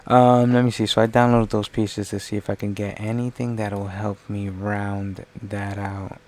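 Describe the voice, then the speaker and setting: A man's voice: lowish voice, little pitch movement, normal speed, darkish tone. A middle-aged man streaming live, talking himself through each design step and teasing his child between tasks. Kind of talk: casual livestream chat while working.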